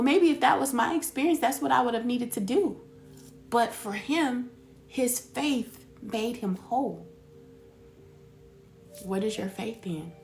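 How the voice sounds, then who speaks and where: A woman giving a casual spiritual talk as a reader, telling stories in an animated way and calling her listeners baby. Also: medium pitch.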